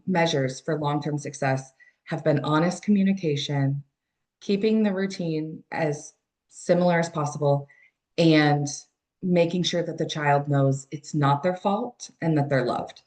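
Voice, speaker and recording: A woman speaking on a panel in a measured, summarizing way. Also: deep voice, darkish tone. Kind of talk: panel discussion.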